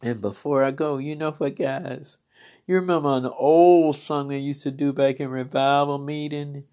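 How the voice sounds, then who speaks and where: A woman's voice: a bass voice, steady tone, moderate pace, warm tone. A woman minister telling stories from church life in a fervent, storytelling testimony, exclaiming praise now and then.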